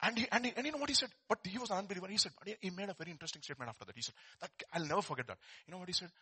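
Animated pastor preaching, bright voice. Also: male voice, high voice, rapid-fire, slightly rough. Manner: animated, swings from soft asides to loud exhortation; repeats words and restarts, rhetorical questions. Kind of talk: sermon.

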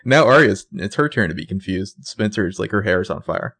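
A man co-hosting a podcast, recapping a TV episode in casual, expressive chat. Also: on the low side, moderate pace, no echo. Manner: chatty and expressive, with a few filler "like"s.

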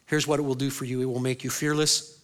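Bright-voiced preaching male pastor. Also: flat delivery, fast talker. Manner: dynamic preaching, swings from loud and high to quiet and low; asks the congregation questions and answers them himself. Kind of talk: sermon.

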